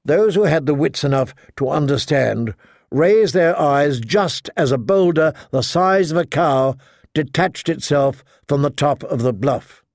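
A man narrating a story as an audiobook reader, in a steady, measured reading style. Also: a little high, no room sound, clean studio sound. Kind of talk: scripted narration.

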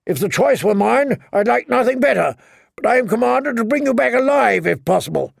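A man's voice: extremely high pitch, animated, brisk, vocal fry, dry recording, clean studio sound, voice pushed up, heavily acted. A man voicing a proud older knight captain who calls out commands in a raised voice. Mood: commanding.

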